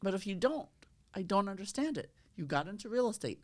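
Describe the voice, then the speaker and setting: A woman, a real estate agent chatting on a podcast, loud and energetic, acting out both sides of her phone calls. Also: mid-range voice, brisk. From the Bronx, New York. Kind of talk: casual podcast chat.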